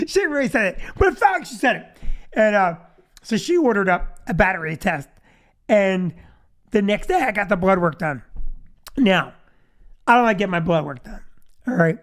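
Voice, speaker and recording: A man's voice: high-pitched, very animated, normal speed, pauses often. A man in his fifties hosting a podcast, telling a comic story with self-deprecating asides. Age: 50s. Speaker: podcast host. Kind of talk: comedic storytelling monologue.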